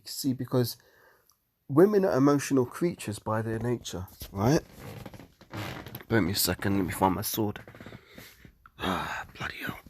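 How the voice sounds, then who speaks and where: A man's voice: medium pitch, a little mellow, no echo, clean studio sound. A man giving a heated, profane monologue on religion, sounding exasperated. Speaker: religious commentator.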